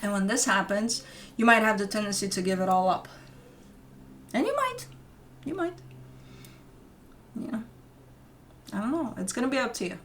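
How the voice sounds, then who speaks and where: A young woman reads tarot cards in a loose, conversational way. She rambles and restarts often, filling pauses with little ums. Her voice sits at an ordinary middle pitch for a woman. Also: lively intonation, fairly bright tone, slight background noise. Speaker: tarot reader. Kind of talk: casual spoken tarot reading.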